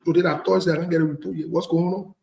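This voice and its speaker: Blunt Liberian man, high voice, roomy sound. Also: steady tone, very fast, vocal fry, darkish tone. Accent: Liberian English. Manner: blunt, preachy, repeats phrases for emphasis. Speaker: host. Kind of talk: casual talk show commentary.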